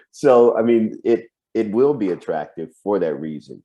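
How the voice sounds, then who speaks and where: A man's voice: on the low side, expressive, normal speed, few pauses, dark tone. A man, a coach, chatting casually over a video call, musing and laughing between points. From United States.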